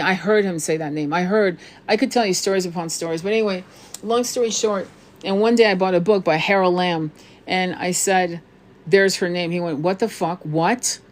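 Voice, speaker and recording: A woman psychic tarot reader in a casual spiritual monologue, rambling, swearing freely and restarting her sentences often. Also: lowish voice. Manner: rambling, profane, many restarts.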